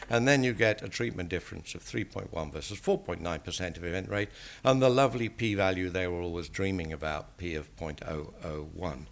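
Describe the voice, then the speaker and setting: An older English man, a statistician, giving an academic lecture in a measured, dryly wry manner. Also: sits low, gravelly.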